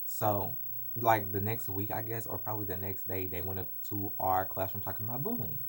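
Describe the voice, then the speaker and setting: A man's voice: fairly low pitch, a little fast. A young adult man earnestly telling a personal story in a confessional vlog, recorded on a phone. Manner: earnest, animated, emotional retelling. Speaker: vlogger.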